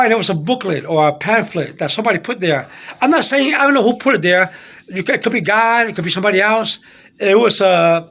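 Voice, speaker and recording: A man telling a personal faith story in a rambling, halting way, repeating himself and restarting often. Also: high-pitched, a bit bright.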